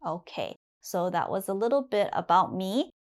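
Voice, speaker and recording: A woman's voice: medium pitch, expressive, moderate pace. A young adult woman teaching beginner English, saying each example sentence twice in patient classroom drills. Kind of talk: slow, clear classroom drills for learners.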